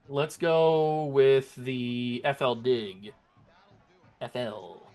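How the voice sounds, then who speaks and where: A man hosting a gaming channel, giving play-by-play commentary on his video game, laughing often and yelling in disbelief at glitches. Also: medium pitch, steady tone, very slow, soft background music.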